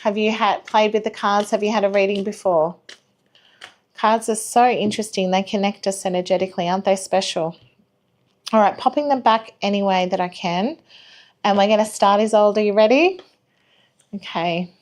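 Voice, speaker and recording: A woman giving a live tarot reading, reassuring, apologetic and gently chatty. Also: medium pitch, moderate pace. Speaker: tarot reader.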